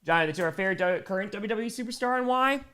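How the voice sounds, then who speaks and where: A man's voice: high voice, racing, sharp tone, clean tone. A man giving casual play-by-play on a live stream, chatting with viewers and answering their donation messages between plays. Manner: plays called in a plain announcer tone.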